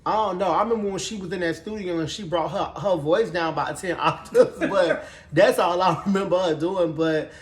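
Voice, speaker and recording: In an echoey room, a high-voiced man reviews a TV episode with animated flair. His recap is sassy, profane, and gossipy, spoken at normal speed.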